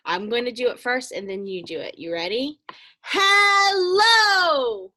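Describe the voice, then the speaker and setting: A woman teaching young children a phonics lesson, speaking slowly and encouragingly and calling them friends. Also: medium pitch.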